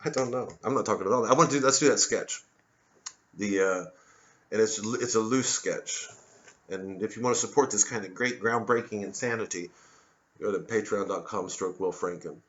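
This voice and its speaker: At a normal speed, a male comedian with a fairly low, fairly bright voice rambles through a sardonic satirical monologue full of digressions, slipping into voices along the way. The audio is dull and lo-fi.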